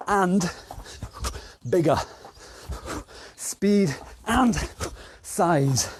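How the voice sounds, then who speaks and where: A man's voice: fairly high pitch, noisy background. Jokey, winded fitness instructor man. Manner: jokey, rambling coaching with countdowns. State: out of breath. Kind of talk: online workout class. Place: home garage.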